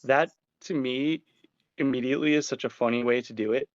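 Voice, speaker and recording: Man, podcast host, animated storyteller, casual swearing, muffled dry recording. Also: mid-range voice, brisk, clear, resonant tone, no echo. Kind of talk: casual chat.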